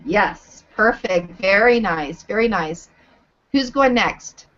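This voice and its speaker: A woman teaching yoga teacher trainees over a video call, giving clear, deliberate instructions. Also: medium pitch, lively intonation, a bit bright, muffled recording. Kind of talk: live online teacher training.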